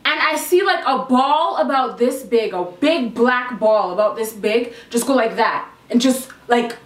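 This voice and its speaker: A young woman from Canada telling a frightening personal story to camera as a casual vlog, animated and breathless. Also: fairly high pitch, unhurried, far from the mic. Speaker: vlogger. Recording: roomy sound, voice a little off-mic.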